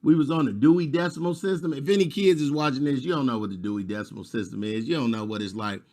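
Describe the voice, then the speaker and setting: A middle-aged man performing a stand-up comedy set over a video call, animated and quick to slip into high voices. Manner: animated, jumps into high squeaky voices for teachers.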